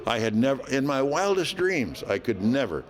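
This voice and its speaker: An older man, a veteran hockey announcer, telling stories in an interview in a folksy, unhurried way with frequent fillers. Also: mid-range voice, big pitch swings. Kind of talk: relaxed interview storytelling.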